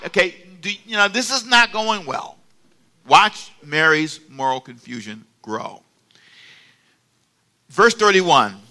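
A male pastor delivers a lively sermon, coaxing the congregation to repeat after him and joking along the way. His voice sits high for a man and rings out very bright and forceful. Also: normal speed. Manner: animated call-and-response, with playful asides.

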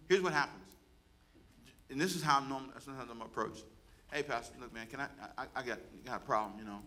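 A pastor with a lowish, creaky voice preaches a sermon, urging the congregation to repeat his words back to him. His delivery is loud and rising, a call-and-response exhortation.

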